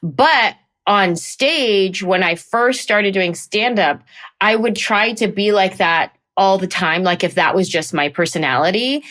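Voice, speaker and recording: A woman comedian talking in an interview, animated and slipping into playful put-on voices. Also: mid-range voice, slow pace. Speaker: comedian guest. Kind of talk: conversational interview.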